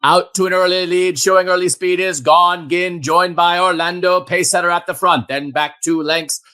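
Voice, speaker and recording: A podcast host voicing a male horse-race announcer in brisk play-by-play style. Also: sits high, steady tone, sharp tone, voice pushed up. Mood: excited. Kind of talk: mock race call.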